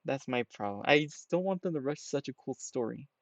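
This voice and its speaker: A man's voice: medium pitch, expressive, a little fast, no echo. Rambling man with a dull, muffled sound. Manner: rambling, full of "you know" and "right?". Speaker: trailer reviewer. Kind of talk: casual reaction commentary.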